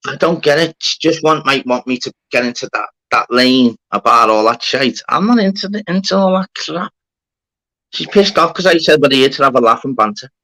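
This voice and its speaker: A man in a casual live-stream chat, talking in a bright, forceful voice. He rambles and swears freely, with lots of animation. His pitch sits in the middle of the range. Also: a little fast, dry recording, rough recording. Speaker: channel host.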